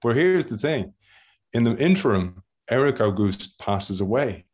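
A man with an Irish accent, a podcast guest telling stories from his career in a casual, animated way. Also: medium pitch, measured pace. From Ireland. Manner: animated storyteller, laughs often and acts out other people's voices. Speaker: podcast guest, former rugby player. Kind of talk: casual storytelling.

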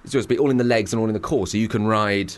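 A man, a guest telling a story in a lively way and acting out the voices in it. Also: lowish voice, rapid-fire. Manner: animated, acts out voices in his stories. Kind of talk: anecdotal storytelling.

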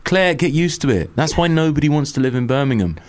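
A man's voice: on the high side, expressive, fast, slight background noise. A man co-hosting a radio show in casual banter, sweary and sardonic, rambling through his jokes. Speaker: radio co-host. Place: radio studio.

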